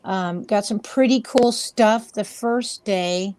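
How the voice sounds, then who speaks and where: A woman's voice: medium pitch, slow pace, darkish tone, dry recording. Chatty woman telling ghost stories. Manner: rambling, chatty, acts out quoted voices. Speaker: paranormal investigator guest. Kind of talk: casual interview storytelling.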